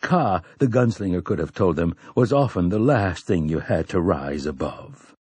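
A man reading a novel aloud in a measured, even narration. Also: deep voice, husky, no room sound. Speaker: audiobook narrator. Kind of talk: scripted narration.

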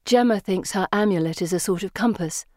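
A woman's voice: medium pitch, a little fast, a little mellow, no room sound, close to an everyday voice. Felicity: cool, skeptical teen girl, read by a woman narrator, plain and dry. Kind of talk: audiobook character voice.

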